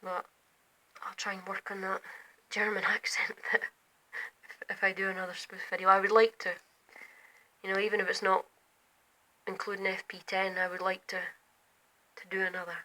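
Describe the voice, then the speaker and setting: A young woman rambling at night from her bedroom window, often slipping into quiet whispers while filming on her phone. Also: medium pitch, completely flat delivery, moderate pace, pauses often, low-quality recording. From Scotland. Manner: drifts between quiet whispers and louder asides. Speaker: vlogger. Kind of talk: rambling night-time chat.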